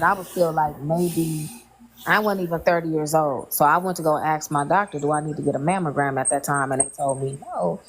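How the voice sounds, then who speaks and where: A woman's voice: deep voice, a little hiss or hum, poor audio. A woman in her late thirties telling a personal story in casual chat, candid and colloquial, with strong feeling. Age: 30s.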